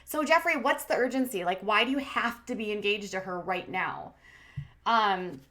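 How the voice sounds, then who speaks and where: A woman's voice: medium pitch, expressive, normal speed, sharp tone. A woman hosting a commentary channel, recapping a reality show in a chatty, sarcastic way with plenty of fillers.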